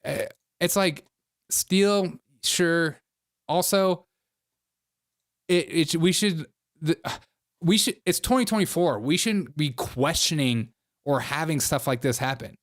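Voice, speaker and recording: A man's voice: fairly high pitch, slow pace, pauses often, no room sound, studio quality. A man hosting a casual political reaction show, sarcastic and often laughing between remarks. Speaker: host of a political commentary show.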